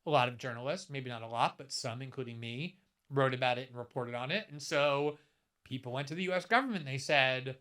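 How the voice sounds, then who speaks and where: A man's voice: mid-range voice, brisk, pushed and bright. A man in his fifties delivering a commentary monologue, emphatic and building his case through pointed rhetorical questions. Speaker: political commentator.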